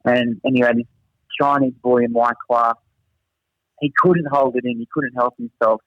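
With little pitch movement, a young male teacher speaks at a medium pitch and normal speed. He's a guest in a casual chat, telling amusing anecdotes in a rambling fashion and laughing at himself. The recording has no echo and sounds slightly dull and lo-fi.

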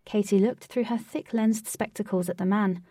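A woman reading a story chapter aloud in a steady narrating voice. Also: mid-range voice, normal speed, no echo, studio quality, distant mic. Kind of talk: audiobook reading.

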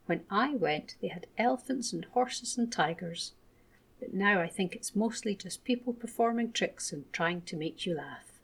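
A woman voicing a kind, patient father who gently reassures his young son. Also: mid-range voice, animated, moderate pace, gravelly, breathy edge. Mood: reassuring.

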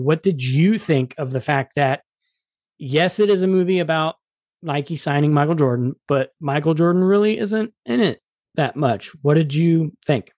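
Male podcast host, eager casual film chat, slightly high voice, dry close sound. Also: a little mellow, no room sound. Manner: enthusiastic, frequent word repeats. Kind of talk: casual movie review chat.

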